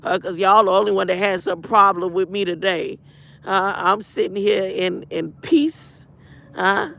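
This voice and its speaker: A woman on a livestream who rambles and preaches as she answers her chat. Her voice is gravelly and bright, and she takes her time over every phrase. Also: medium pitch, measured pace. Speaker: livestream host. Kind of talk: livestream chat and spiritual affirmations.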